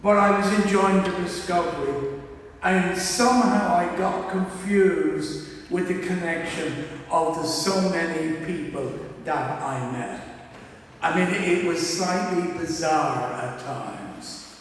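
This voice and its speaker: A man's voice: fairly high pitch, takes it slowly, a little hiss or hum. A man preaching a chatty, self-deprecating anecdotal sermon in a church, chuckling at his own jokes. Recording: echoey church hall from far off.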